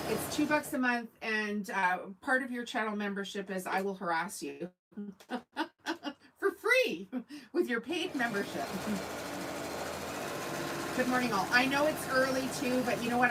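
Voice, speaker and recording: A woman's voice: a little high, noisy background. A woman from Canada, hosting a casual sewing livestream, chatting in a rambling way and answering viewers' comments. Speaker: sewing channel host.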